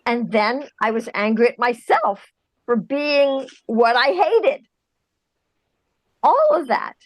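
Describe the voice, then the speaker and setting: A woman's voice: fairly high pitch, expressive, takes it slowly, no echo, rough recording. A woman in her forties, a guest recounting her inner journey in an earnest, searching way. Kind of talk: reflective personal account.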